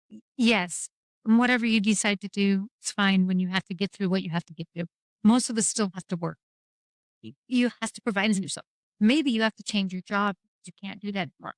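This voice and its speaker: A woman's voice: medium pitch, no room sound, low-quality recording. Earnest woman speaking candidly. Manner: earnest, reflective, with frequent restarts. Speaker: podcast guest. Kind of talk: candid conversation about grief.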